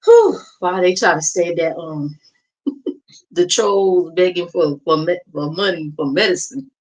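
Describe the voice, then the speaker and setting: A woman's voice: fairly low pitch, steady tone, a little slow, poor audio. A woman hosting a casual reaction livestream, gossiping and mocking in a sassy, drawling way. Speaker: livestream host. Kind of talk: casual reaction stream chat.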